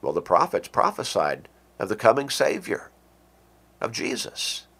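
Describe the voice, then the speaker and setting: Slow, earnest male radio preacher. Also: on the low side, sing-song, vocal fry, fairly bright tone, breathy edge. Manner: earnest, measured preaching with slow deliberate stresses. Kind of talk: radio sermon.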